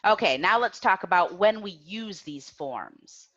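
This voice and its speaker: A woman teaching a grammar lesson, speaking slowly and clearly and having learners repeat after her. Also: medium pitch, lively intonation, fairly bright tone, dull audio. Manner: slow, clear, drills learners with repetition. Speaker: English teacher.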